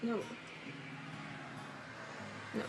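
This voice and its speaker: A woman's voice: very slow, soft background music. A young woman giving curt, teasing replies as a friend in a casual chat, picked up by a phone camera across the room. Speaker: friend of the vlogger.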